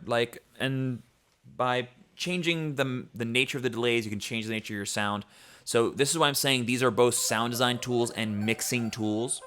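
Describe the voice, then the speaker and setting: A man giving a casual livestream tutorial on mixing, explaining in a loose, conversational way while demonstrating sounds at his computer in a home studio, often pausing with ums as he thinks aloud. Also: mid-range voice, a bit bright, smooth. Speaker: music producer teaching mixing.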